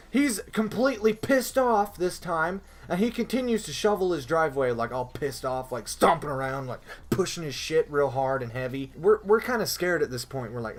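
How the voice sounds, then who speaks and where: A young man vlogger telling a story from his life in a loose, animated way, swearing often and jumping into high, screaming voices to act out scenes. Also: fairly quick, few pauses. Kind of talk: storytime vlog.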